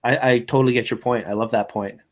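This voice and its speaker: A man hosting a live online photo show in casual, upbeat, encouraging chat, quick to laugh. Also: mid-range voice, steady tone.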